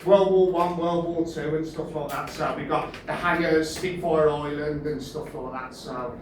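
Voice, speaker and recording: A loud, rowdy Birmingham man doing a guest stand-up spot in a high voice. He sounds distant and roomy, with a faint hum of the room behind him. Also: fairly even intonation, normal speed. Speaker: guest comedian. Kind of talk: stand-up set. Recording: echoey room from far off.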